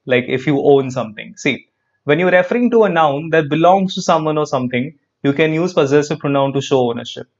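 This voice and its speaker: A man with an Indian English accent teaching an online grammar class, lively and repetitive, quizzing his students as he goes. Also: a little high, fairly quick, highs cut off. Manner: lively, repeats phrases, quizzes students, frequent "perfect".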